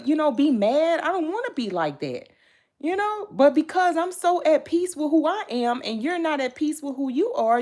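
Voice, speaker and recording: Woman, tarot reader, casual vlog rant: blunt, animated, swears freely, laughs a lot, talks directly to viewers. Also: high-pitched. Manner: chatty, addresses viewers directly.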